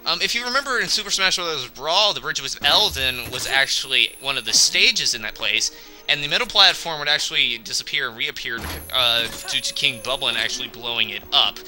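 A man's voice: medium pitch, fairly quick, poor audio. A man giving casual, rambling commentary while playing a video game, talking back to the game when things go wrong. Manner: rambling, excitable, scolds the game aloud. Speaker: let's play commentator. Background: game music.

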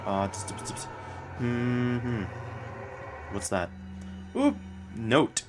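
A man giving casual, profane commentary while he plays, swearing often and blurting out quick reactions. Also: mid-range voice, noisy background. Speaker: gameplay streamer.

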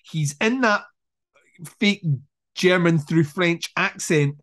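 A man's voice: high voice, takes it slowly. A man co-hosting a podcast, eagerly retelling movie scenes in casual, profane chat with laughs and restarts. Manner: animated retelling of scenes, frequent swearing; many fillers and restarts, laughs while talking. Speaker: podcast co-host. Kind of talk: casual film discussion.

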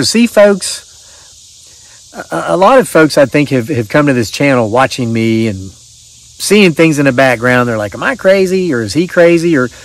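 A middle-aged man hosting his channel, chatting casually in a rambling, folksy way and reading out viewer stories. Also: medium pitch. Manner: rambling, folksy, restarts often. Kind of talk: casual chat and reading aloud.

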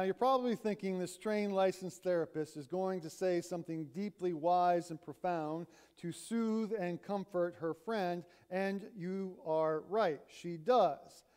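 Slow, high-voiced male pastor preaching. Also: a little mellow, clean tone. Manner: storytelling, retelling a conversation. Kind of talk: sermon. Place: church sanctuary.

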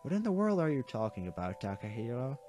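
A gentle middle-aged mother from a story game speaks in a soft, apologetic voice. A man reads her lines in his own voice at a mid pitch. Faint music plays behind her. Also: big pitch swings, fast talker, natural voice. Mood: fond teasing. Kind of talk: reading game dialogue aloud.

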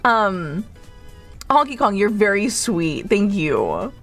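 A woman's voice: medium pitch, sing-song, takes it slowly, a bit bright, faint music behind. A woman streamer hosting a cozy barista role-play, reading chat aloud in a teasing, playfully motherly way. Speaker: VTuber streamer, host.

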